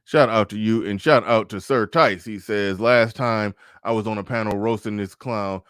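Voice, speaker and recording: A man's voice: fairly low pitch, moderate pace, a bit bright, clear, resonant tone, no echo, clean studio sound. Emphatic man hosting a livestream. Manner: emphatic, repeats phrases and stammers on restarts. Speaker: livestream host reading super chats. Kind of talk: casual livestream commentary.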